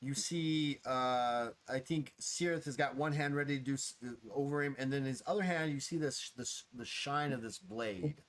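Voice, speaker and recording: A man's voice: mid-range voice, moderate pace, few pauses, fairly bright tone. A man narrating as game master of a tabletop role-playing game, rambling and playful with many restarts.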